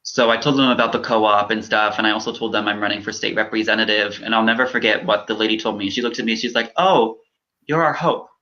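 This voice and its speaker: A young man, a political candidate, speaking earnestly in an interview, with many halting ums. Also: lowish voice, level tone, bright, forceful tone, dull audio. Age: young adult. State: choked up.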